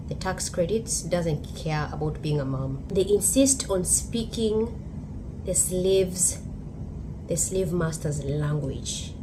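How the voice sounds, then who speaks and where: A woman's voice: on the low side, noisy background. A woman from Kenya with a Kenyan accent, giving a blunt, emphatic opinion monologue as host.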